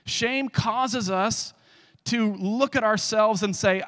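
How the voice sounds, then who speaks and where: A male guest speaker preaching a sermon, telling the story with animated energy and dropping to hushed tones for scripture. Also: high-pitched, slow pace, big-room sound.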